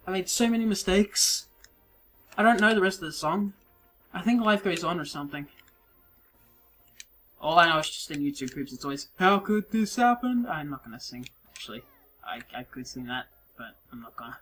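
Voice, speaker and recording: A woman giving casual, self-mocking let's play commentary, swearing and moving around her mic so her level swings between yelling and mumbling. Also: low-pitched, brisk, pauses often, soft background music. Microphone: desk mic, moves around it while playing.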